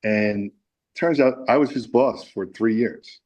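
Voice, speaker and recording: A man's voice: fairly low pitch, slow pace, a little mellow, low-quality recording. A man guest in a casual interview, telling a story with lots of fillers and acted-out quotes. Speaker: musician guest.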